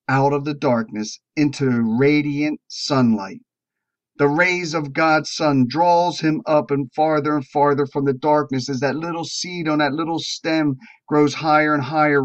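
A man preaching to a recovery group, telling a parable slowly and drawing out words with emphatic rises. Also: fairly high pitch. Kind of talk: sermon storytelling. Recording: dull lo-fi recording.

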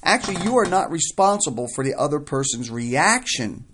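A man talking through examples in a casual advice chat, excitable and emphatic, often acting out lines people might say. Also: a little high, normal speed, slight background noise. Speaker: co-host on family recovery.

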